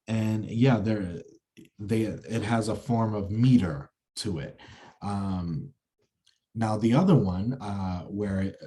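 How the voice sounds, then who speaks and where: A man teaching classical acting over a video call, explaining verse and meter in a halting way with many fillers and restarts. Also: lowish voice, warm tone. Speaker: acting instructor. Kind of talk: online lecture with screen share.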